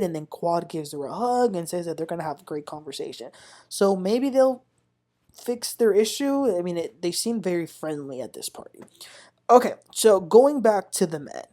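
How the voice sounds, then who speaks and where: A woman hosting a casual reality TV recap, talking in an animated, indignant way and addressing viewers as "y'all.". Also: on the low side, moderate pace. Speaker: TV recap host.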